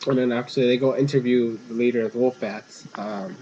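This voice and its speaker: A man's voice: medium pitch, steady tone, a little fast, a little mellow, slight background noise. A young man giving a casual, meandering spoken recap of a cartoon episode as a reviewer. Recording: dull lo-fi home recording.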